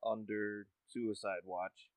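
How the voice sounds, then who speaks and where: A man's voice: lowish voice, flat delivery, takes it slowly, a little hiss or hum, rough recording. A man co-hosting a casual podcast over a video call, talking in a wry, easygoing way with some swearing. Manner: laid-back, wry and swearing. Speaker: podcast co-host.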